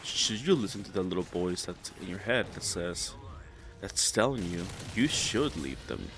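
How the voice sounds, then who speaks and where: Low-voiced young man rambling profanely. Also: very animated, moderate pace, fairly bright tone, faint music behind. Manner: rambling and profane, with stammered restarts. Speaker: vlogger. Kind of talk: casual advice talk.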